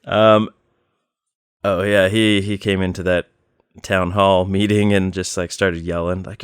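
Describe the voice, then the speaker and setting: Low, smooth-voiced man telling stories. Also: little pitch movement, dry recording, studio quality. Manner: plain, unhurried storytelling with many fillers. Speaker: podcast co-host. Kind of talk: casual chat.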